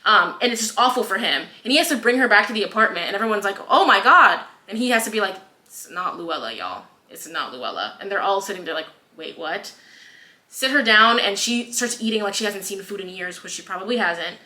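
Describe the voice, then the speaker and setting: A woman's voice: medium pitch, fast talker, pushed and bright. A woman co-hosting a podcast, casually retelling a book's scenes, acting out the lines and swearing freely. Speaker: podcast co-host. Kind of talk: casual book review chat. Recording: echoey room.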